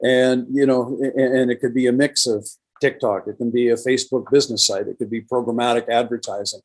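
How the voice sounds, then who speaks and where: A man's voice: mid-range voice, fairly even intonation, brisk, poor audio. Older man, enthusiastic retired radio veteran. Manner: enthusiastic, tells stories with quoted dialogue. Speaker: guest, retired radio professional. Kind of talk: casual interview conversation.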